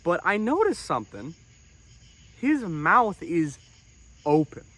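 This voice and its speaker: A young man in a comedic monologue, self-important and deadpan, breaking into outraged, swearing outbursts. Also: sits high, slow pace, dry recording. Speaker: comedic storyteller in character.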